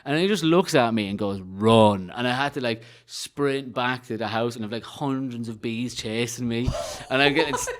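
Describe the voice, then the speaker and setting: A young Irish man, a comedian, telling childhood stories in a casual podcast chat, swearing freely and animated. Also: medium pitch, moderate pace, hardly any pauses. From Ireland. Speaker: comedian guest.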